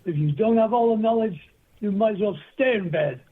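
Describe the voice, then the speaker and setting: A high-pitched, slightly rough voice belongs to an older English guest who talks fairly quickly. In this phone-recorded storytelling interview, he spins rambling, anecdotal tales.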